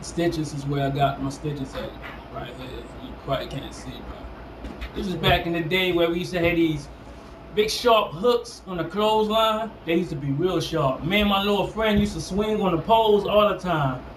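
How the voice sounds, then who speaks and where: A man's voice: high voice, normal speed. A man co-hosting a casual chat, laid-back as he tells his own childhood story. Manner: laid-back, backs the other speaker with frequent "right, right". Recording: echoey room with noticeable background hiss.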